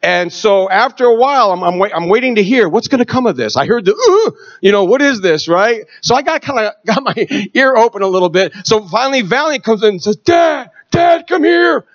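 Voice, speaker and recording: Animated high-voiced male preacher. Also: a little fast, few pauses, lo-fi sound. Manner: swings from shouting to hushed storytelling. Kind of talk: sermon testimony.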